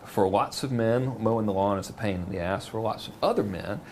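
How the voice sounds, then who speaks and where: A man's voice: on the low side, fairly quick, darkish tone, slight background noise. A man from Georgia with a Southern accent, rambling and joking as a guest in a casual interview. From Macon, Georgia, US. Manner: rambling, jokey, full of "you know". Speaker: marketing guest.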